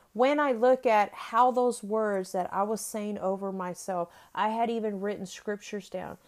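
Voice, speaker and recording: A middle-aged woman giving an encouraging devotional talk, preaching with emphasis and repeating her key phrases. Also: mid-range voice. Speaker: Christian devotional speaker.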